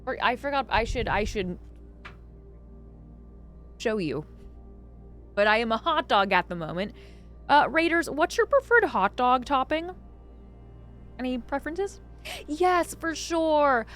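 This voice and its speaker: A young woman streaming a game live, chatting casually and dramatically with her viewers, swinging from excitement to mock sadness. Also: on the high side, unhurried, long pauses. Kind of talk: casual live-stream chat while gaming. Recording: faint music behind.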